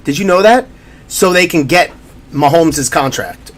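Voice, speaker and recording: A man co-hosting a casual sports podcast. His voice sits a little high and swings up and down with energy. He tells stories and slips into acted-out quotes along the way. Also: measured pace. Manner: animated, storytelling with acted-out quotes. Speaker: podcast co-host.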